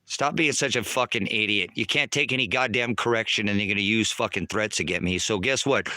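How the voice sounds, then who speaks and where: A man ranting angrily on a livestream from outdoors at a rural homestead, taunting and cursing, often shouting. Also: lowish voice, no room sound, studio quality. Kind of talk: angry livestream rant.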